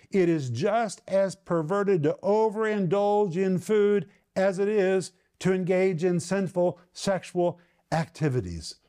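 A man teaching the Bible on television with a high-pitched voice that still sounds dark and mellow. He speaks earnestly and with emphasis, and often puts rhetorical questions to the listener.

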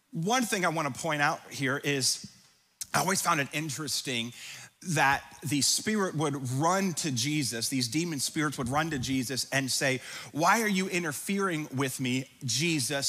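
A pastor preaching a sermon, reading scripture aloud with dramatic emphasis and breaking into conversational asides. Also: male voice, a little high, bright, forceful tone. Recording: long hall reverb.

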